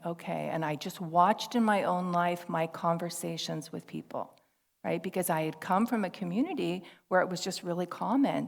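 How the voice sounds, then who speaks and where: Woman pastor, low and gravelly, telling stories in a sermon to a congregation, reverberant hall sound. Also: unhurried. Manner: conversational, warm storytelling with laughter and quoted dialogue. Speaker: minister. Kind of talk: personal sermon storytelling. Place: church service hall. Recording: long reverb of a large hall.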